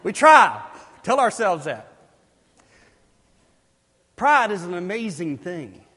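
A man preaches in a high, bright-toned voice, swinging between quiet asides and loud, emphatic bursts. His words ring out with a long reverb, as if recorded in a large hall. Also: sing-song, slow, breathy edge. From South Carolina, US. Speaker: pastor. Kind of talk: sermon.

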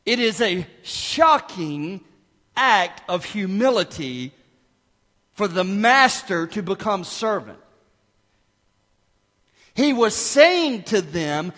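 A man preaching a sermon as pastor, emphatic and dramatic, dropping to hushed asides and rising again. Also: sits high, big pitch swings, slow pace, long pauses, in a large hall.

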